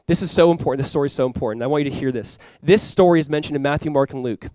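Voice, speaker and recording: Young male pastor, high voice, casual and animated sermon delivery, dry close recording. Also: rapid-fire, hardly any pauses, no echo. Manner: animated, with sudden loud bursts and quiet asides; casual, conversational preaching with fillers and restarts. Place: church.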